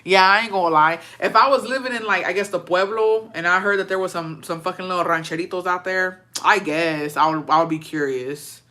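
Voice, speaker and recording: A woman's voice: lowish voice, a little fast, hardly any pauses, pushed and bright. A woman from Texas chatting casually on a livestream with viewers, gossiping and swearing freely and slipping Spanish phrases into her English.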